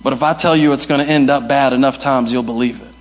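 A man's voice: mid-range voice, steady tone, fast talker. A young male pastor preaching a sermon, emphatic and repeating his key phrases. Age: young adult. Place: church hall.

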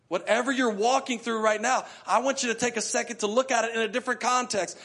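A male pastor preaching a sermon with passion, acting out prayers in quick repeated bursts. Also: extremely high pitch, steady tone, fairly bright tone.

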